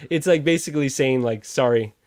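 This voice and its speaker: A man's voice: lowish voice, normal speed, darkish tone, no room sound, studio quality. A man hosting a casual livestream chat, reading out viewer comments and trading sarcastic jabs with a laugh. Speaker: podcast host reading live chat.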